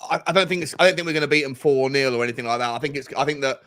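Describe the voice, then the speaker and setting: A young man co-hosting a football fan livestream, relaxed and upbeat, often restarting his sentences. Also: mid-range voice, racing. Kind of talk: casual chat.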